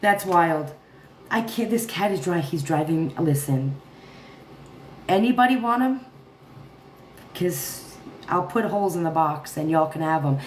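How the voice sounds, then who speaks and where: A woman's voice: deep voice, lively intonation, a little slow, long pauses. Tired, chatty woman in an echoey room. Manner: rambling, chatty, laughs often, talks to her cat and chat. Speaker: livestream commentary host. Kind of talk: casual livestream chat. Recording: echoey room with faint noise.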